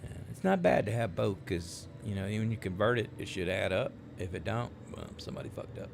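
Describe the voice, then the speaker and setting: A man's voice: on the low side, a little fast, creaky, background noise. A man casually chatting on a live stream while he plays, rambling along with plenty of fillers. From United States. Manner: rambling, laid-back, many fillers. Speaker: game streamer.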